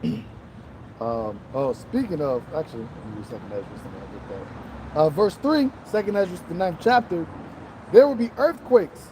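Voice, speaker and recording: A man reads scripture aloud in a halting way, pausing on fillers. His voice sits fairly high, and clear traffic noise from passing cars surrounds the recording. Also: big pitch swings. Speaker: scripture reader.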